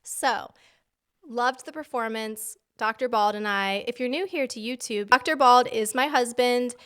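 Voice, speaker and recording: A woman co-hosting a podcast in casual chat, telling animated stories and acting out quotes. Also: fairly high pitch, unhurried, smooth. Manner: animated storyteller, acts out quotes. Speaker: podcast co-host. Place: home basement.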